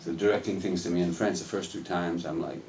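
A man on a film Q&A panel, talking in a rambling, animated way and laughing as he tells stories in a cinema hall. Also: sits low, fast talker, recorded from a distance, a crowd in the background. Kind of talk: casual live Q&A storytelling. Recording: echoey hall, mic heard from afar.

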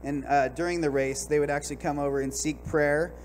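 A man at a church service telling his testimony in an animated, storytelling way. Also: a little high, brisk, a little hiss or hum. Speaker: guest sharing a testimony.

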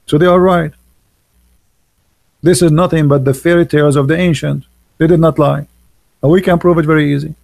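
A man hosts a live stream and preaches with emphatic scorn, repeating his points in non-native English phrasing. His voice is gravelly and dark. The sound is close and dry. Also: a little high, steady tone, brisk, long pauses, dry recording. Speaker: livestream host.

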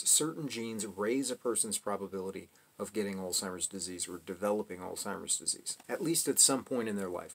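Speaking to camera on his own channel, a man with a fairly low voice explains a topic in a measured, careful way. He adds caveats and corrects himself along the way.

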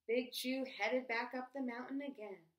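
A woman reading a picture book aloud to children in a gentle, expressive, sing-song way. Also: on the high side, unhurried, highs cut off. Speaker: children's storyteller. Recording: echoey room.

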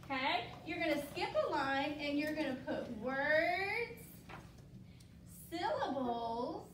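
A woman's voice: high voice, lively intonation, takes it slowly, fairly bright tone, a little hiss or hum. A woman teaching young children a phonics lesson, patient and encouraging, asking questions and waiting for answers. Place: classroom. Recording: echoey classroom from far off.

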